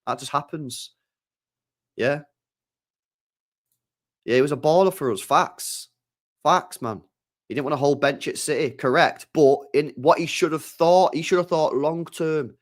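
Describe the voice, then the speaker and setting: A man's voice: a little high, measured pace, pauses often. Slangy young man chatting football. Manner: slangy, rambling, animated asides. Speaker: football channel host. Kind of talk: casual livestream chat.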